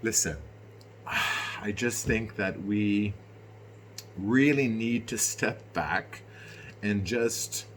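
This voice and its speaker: A middle-aged man from Canada, venting to camera in an unscripted rant, animated and indignant, drifting from low musing into loud, exasperated outbursts. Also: very slow, long pauses, a little hiss or hum. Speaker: vlogger.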